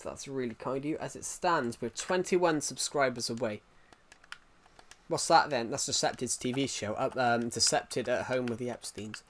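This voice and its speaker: A man's voice: mid-range voice, normal speed, fairly bright tone. Rambling male streamer. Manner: rambling, reacts to chat, restarts sentences. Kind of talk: casual live-stream chat.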